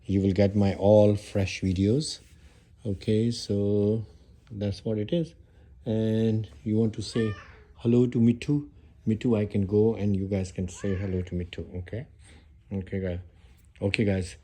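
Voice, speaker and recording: A man from Pakistan with a Pakistani accent, hosting a casual home vlog in halting English full of fillers and restarts. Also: on the low side, steady tone, warm tone, breathy edge. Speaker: YouTube channel host.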